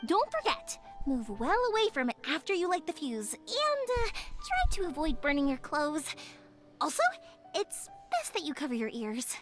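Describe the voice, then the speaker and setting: A woman voicing a cheerful young female fireworks maker in a game, lively, breezy and generous. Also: high-pitched, moderate pace, over music.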